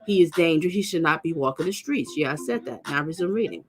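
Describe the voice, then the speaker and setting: A woman's voice: animated, fast talker. A middle-aged woman, reading crime news aloud and breaking off for scornful comments, often stumbling and correcting herself. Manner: blunt and scornful, with sudden high outbursts.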